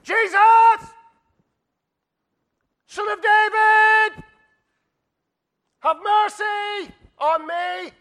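A man's voice: very high voice, fairly even intonation, racing, few pauses, bright, forceful tone, raised voice, voice pushed up, exaggerated voice. A man crying out as a desperate blind beggar. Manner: shrieking, pleading at full volume.

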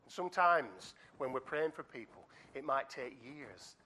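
A man preaching a sermon and telling a story with animated asides to the congregation. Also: medium pitch, a little slow.

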